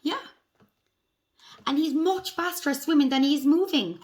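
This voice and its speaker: A woman leading a circle time lesson for young children, talking in an animated, sing-song way. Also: high-pitched, measured pace. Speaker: preschool teacher.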